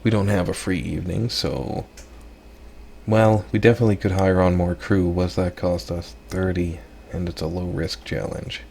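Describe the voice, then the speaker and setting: A man hosting a let's play, casually reading game text and thinking aloud with relaxed asides. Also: sits low, normal speed, gravelly, a little hiss or hum.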